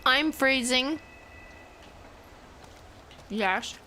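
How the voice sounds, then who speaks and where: A woman's voice: high-pitched, extremely slow, bright, forceful tone, a little hiss or hum. A young woman streaming a story game live, chatting playfully, giggling and reacting aloud to what happens. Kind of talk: live gameplay commentary.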